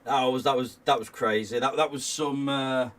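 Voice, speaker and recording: A man's voice: mid-range voice, fairly even intonation, moderate pace, fairly bright tone, distant mic. A young man, a guest on a game stream, telling a story in casual chat, rambling with restarts and laughing often.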